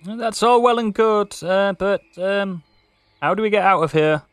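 A man's voice: high voice, unhurried, clean tone, no echo. A man playing a tabletop game, jokey and playing along in character. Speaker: player. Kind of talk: playful tabletop role-play.

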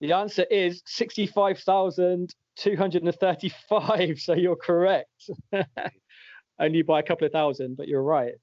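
A man's voice: high-pitched, fairly even intonation, measured pace, a little mellow, no echo. A man hosting a casual podcast and running a quiz, joking and laughing often as he reads out the answers. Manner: jokey, laughs often while reading out answers. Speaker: podcast host and quizmaster. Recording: dull lo-fi dry audio.

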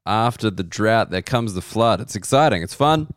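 An Australian comedian hosting a podcast, telling rambling self-deprecating stories slowly, his voice hoarse and worn. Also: fairly low pitch, lively intonation, no echo, clean studio sound. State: losing his voice. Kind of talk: casual comedic monologue.

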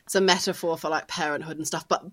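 A woman's voice: deep voice, fairly even intonation, quick pace, a bit bright. A woman, co-hosting a podcast in rambling casual chat full of fillers. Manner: chatty, rambling, many "like" fillers. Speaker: podcast co-host.

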